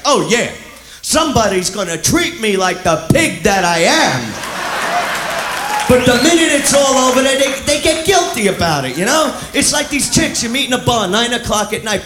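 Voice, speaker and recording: A man doing crude stand-up comedy, brash and loud, shouting his punchlines. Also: very high-pitched. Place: live comedy club. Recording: echoey club with loud crowd. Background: audience laughter and noise.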